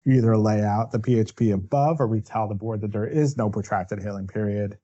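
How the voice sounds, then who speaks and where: A man's voice: lowish voice, a little fast, warm tone, dull audio. A man presenting a legal webinar as a defense attorney. He walks through the steps one by one and checks in with asides like "right?". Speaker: workers' compensation defense attorney.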